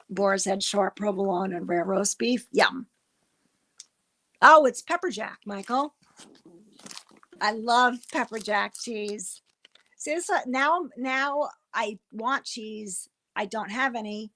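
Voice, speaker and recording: Middle-aged woman, livestream host, casual rambling chat, slow pace, gravelly voice. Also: mid-range voice, a bit bright. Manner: chatty, rambling, frequent restarts.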